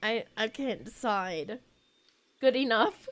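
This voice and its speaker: A woman streaming a game, chatty and giggly, thinking out loud as she plays. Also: fairly high pitch, expressive, takes it slowly. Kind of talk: casual game reaction stream.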